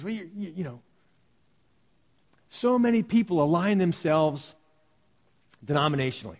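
A man's voice: on the high side, animated, normal speed, long pauses. A man preaching a sermon as a pastor, talking conversationally and animatedly with restarts and jokes. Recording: reverberant hall.

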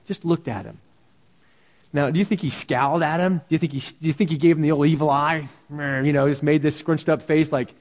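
A man's voice: on the high side, fairly even intonation, fairly quick, darkish tone, in a large hall. A man preaching a sermon as pastor, earnest and full of rhetorical questions.

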